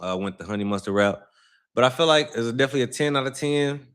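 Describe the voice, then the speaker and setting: A man's voice: medium pitch, fast talker, a bit bright, clear, resonant tone. A young man from Saint Louis hosting a casual livestream, chatting loosely with viewers in slangy, rambling talk. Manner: loose slangy talk, chatty, lots of "you know what I'm saying". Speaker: livestream host.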